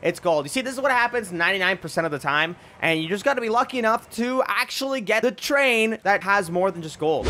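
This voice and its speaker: An excitable man narrating a game walkthrough, talking straight to his viewers. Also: high voice, a little fast, hardly any pauses. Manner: excitable, addresses viewers as guys and ladies and gentlemen. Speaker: gaming video creator. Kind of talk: gameplay walkthrough commentary.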